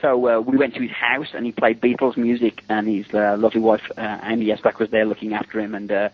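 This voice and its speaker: A man's voice: lowish voice, flat delivery, fast talker, husky. A middle-aged man, a special effects makeup artist, telling amused anecdotes as an interview guest and often laughing between them. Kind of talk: casual anecdotal storytelling. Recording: dull lo-fi recording.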